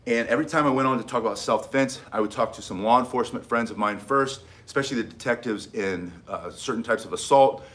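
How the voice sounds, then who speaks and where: A middle-aged man teaches self-defense in a casual, emphatic way, hammering home key points and often restarting his sentences. His mid-range voice is a bit bright, and he talks fast with few pauses.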